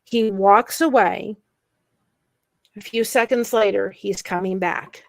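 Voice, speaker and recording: A woman telling a painful personal story in conversation, earnest and emotional, with quick asides. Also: mid-range voice, fairly even intonation, gravelly, no echo. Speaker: guest sharing a personal story.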